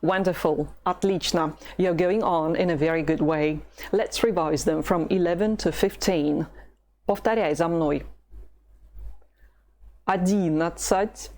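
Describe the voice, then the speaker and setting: A woman from Russia with a Russian accent, a patient language teacher who models words slowly for the listener to repeat. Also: lowish voice, darkish tone. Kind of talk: slow language lesson with repetition drills.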